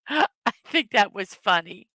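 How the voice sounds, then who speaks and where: A chatty woman hosting a live stream, giggling and filling her pauses with ums and uhs. Her voice is bright and clear. The sound is dry and close. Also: mid-range voice, lively intonation, no echo, poor audio. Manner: chatty, giggly, with many fillers. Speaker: livestream host. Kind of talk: casual live chat reading viewer comments.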